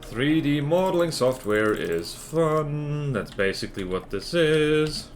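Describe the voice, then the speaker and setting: A man's voice: fairly high pitch, slow pace, soft background music. A man streaming a game, giving casual, joking commentary and talking to himself. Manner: animated, jokey self-talk.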